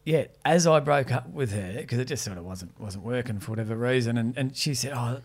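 A man, a podcast host, telling stories in casual chat with an animated manner, often laughing. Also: mid-range voice, brisk.

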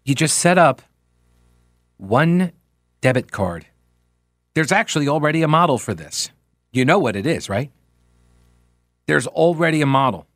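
A man's voice: fairly high pitch, animated, unhurried, pauses often, fairly bright tone, no room sound, clean studio sound. A man hosting a political talk radio show, ranting in a sarcastic, exasperated way. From United States. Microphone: studio microphone.

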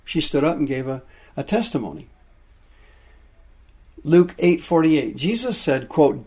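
A man preaching a sermon, explaining Greek words from the Bible with drawn-out emphasis. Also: on the high side, very animated, a little mellow, breathy edge.

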